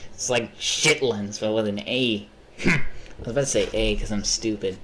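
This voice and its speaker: A man's voice: lowish voice, normal speed, background noise. A young man chatting casually on a live stream while he plays games, rambling, swearing freely and poking fun at himself. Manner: rambling, profane, self-mocking.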